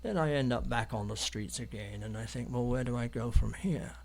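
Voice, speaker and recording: A man's voice: medium pitch, brisk, gravelly, a little mellow. Rambling English man telling stories. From London, England. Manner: rambling, hesitant, full of ums and restarts. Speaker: artist guest. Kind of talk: anecdotal storytelling in an interview.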